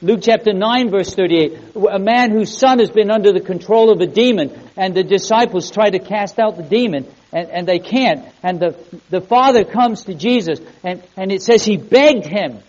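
A man's voice: high-pitched, moderate pace, darkish tone, lo-fi sound. A man preaching a sermon, earnest, repeating key words and putting questions to the congregation. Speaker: pastor.

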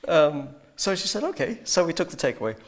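Guy with a bit of fry in his voice rambling through a travel story, lots of ums, then turning it into a little god moment. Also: on the high side, expressive, brisk, noisy background. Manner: rambling, hesitant, with many ums and restarts. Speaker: speaker sharing a personal testimony. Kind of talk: anecdotal storytelling with a spiritual point.

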